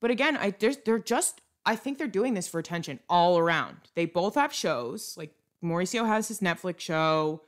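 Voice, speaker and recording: A woman's voice: fairly low pitch, expressive, moderate pace, few pauses. A young woman co-hosting a podcast, chatting casually and ranting bluntly about celebrity gossip. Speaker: podcast co-host. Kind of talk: casual chat.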